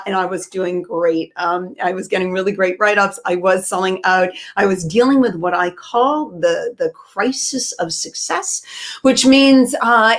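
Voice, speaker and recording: An American woman in her fifties telling a story to an audience, chatty and self-deprecating. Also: medium pitch. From United States. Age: 50s. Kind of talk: live solo storytelling.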